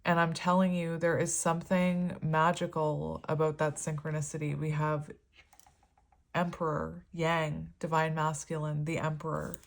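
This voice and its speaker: A woman's voice: low-pitched, completely flat delivery, measured pace, vocal fry. A woman giving a casual tarot reading, talking in a rambling, filler-heavy way and easily moved. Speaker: tarot reader.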